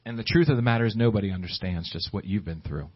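A man preaching a sermon, swinging between high pleading exclamations and low hushed asides. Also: fast talker, husky. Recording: dull lo-fi recording.

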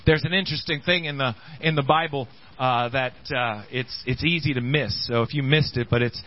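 A man's voice: medium pitch, brisk. A man preaching a fervent sermon at a church service, often saying amen and calling on the congregation to answer back. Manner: fervent, repeats amen and calls for responses. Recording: dull lo-fi recording.

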